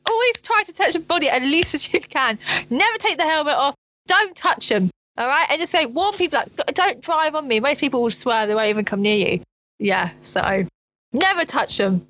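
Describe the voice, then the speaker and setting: A young woman, co-hosting a podcast, telling animated stories in casual chat. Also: fairly quick, rough recording. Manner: animated storytelling, swings to high excited pitch. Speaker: podcast co-host.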